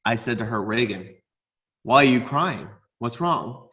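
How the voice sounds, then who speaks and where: A man co-hosting a casual podcast as a father, telling stories excitably, repeating words and bursting into laughter. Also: mid-range voice, measured pace. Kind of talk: casual chat.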